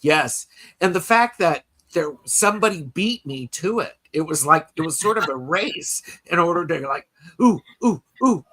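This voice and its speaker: Bright-voiced rambling male podcast host. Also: fairly high pitch, lively intonation, normal speed. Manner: rambling storyteller, lots of fillers and restarts; reads listener comments aloud. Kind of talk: casual chat.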